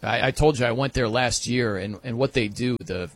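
Excitable husky sports radio host. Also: male voice, mid-range voice, normal speed. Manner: excitable, mimics stadium chants. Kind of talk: energetic sports talk.

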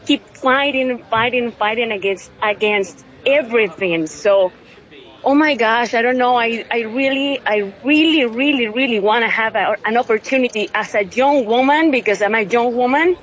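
A woman in her thirties from Venezuela, tearful and overwhelmed, speaking haltingly with many restarts in an emotional interview over a phone line. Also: a little high. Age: 30s.

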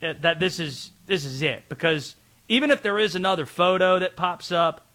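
Brief: high male sports-show co-host, playful debater. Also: lively intonation, normal speed, pushed and bright.

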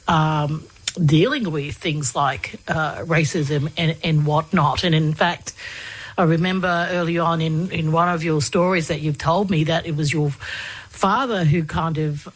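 A woman interviewing a guest, hesitant and searching for words with many fillers. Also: sits low. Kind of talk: conversational interview.

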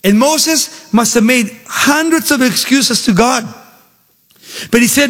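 A man preaching a sermon, with animated, sing-song emphasis and dramatic storytelling, in a church hall. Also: very high-pitched, a little slow. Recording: long reverb of a large hall.

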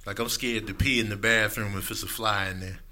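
A middle-aged man doing a stand-up set, acting out his friends and sons in voices. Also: brisk. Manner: animated, acts out friends and family in high voices. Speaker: stand-up comedian. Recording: live club set with clear background noise.

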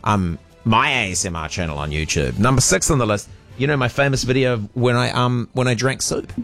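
A man's voice: mid-range voice, expressive, a little fast, a bit bright, soft background music. A man, hosting a radio show with playful, self-mocking banter. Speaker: radio host.

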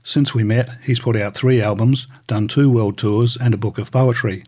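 A man reading recollections aloud in a measured, scripted audiobook narration. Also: mid-range voice, steady tone, a little mellow.

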